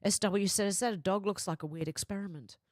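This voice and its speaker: In a clean studio recording with no room sound, a woman speaks in a mid-range, slightly mellow voice at a moderate pace. She's hosting a casual livestream, voicing viewer comments, responding to them, and often laughing.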